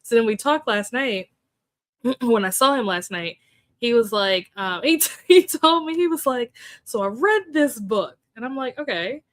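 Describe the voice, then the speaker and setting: A young woman hosting a relaxed livestream, chatting casually, greeting viewers by name and laughing often. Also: fairly high pitch, moderate pace, dry recording, studio quality. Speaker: livestream host. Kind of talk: casual chat with live chat readers.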